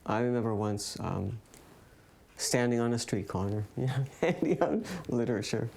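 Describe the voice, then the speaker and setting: A man tells a personal story in a measured way, with soft chuckles between his points. A faint room ambience sits under his voice. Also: on the low side, fairly even intonation, creaky, slight background noise. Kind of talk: personal testimony.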